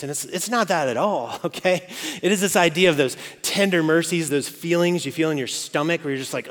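Pastor guy in his 40s, chatty sermon, keeps asking "okay?", slightly high voice, big hall echo. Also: moderate pace, fairly bright tone. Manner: conversational and joking, with frequent "okay?" and "right?". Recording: long hall reverb.

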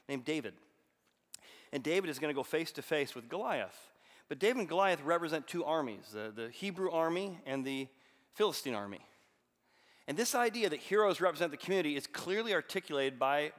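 A man preaching a sermon, telling a story and reading scripture aloud with bursts of loud emphasis. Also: fairly high pitch. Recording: long hall reverb.

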